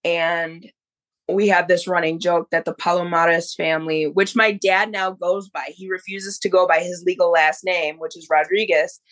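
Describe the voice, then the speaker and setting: A woman in her thirties, a podcast guest, telling a story in a casual, animated way. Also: fairly low pitch, normal speed. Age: 30s. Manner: animated, acts out others' voices in quotes.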